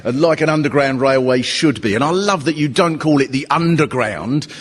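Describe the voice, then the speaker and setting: A man's voice: mid-range voice, moderate pace, breathy edge. A man performing live stand-up comedy as host, telling chatty observational stories. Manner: chatty, animated observational storytelling. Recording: reverberant live hall.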